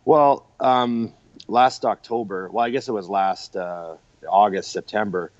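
A man speaking as a podcast guest, relaxed and easygoing, with plenty of fillers. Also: fairly low pitch, measured pace, dry recording, dull audio. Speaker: podcast guest, gym owner. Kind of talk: casual interview talk.

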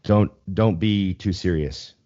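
In a slightly dull lo-fi recording, a young man co-hosting a podcast chats casually, rambling, cursing freely and frequently restarting sentences. His deep voice is mellow and slow.

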